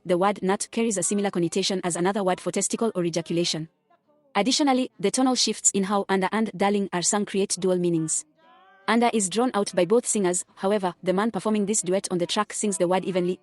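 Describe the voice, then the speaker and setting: Woman student presenter, brisk formal reading of a literature paper. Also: medium pitch.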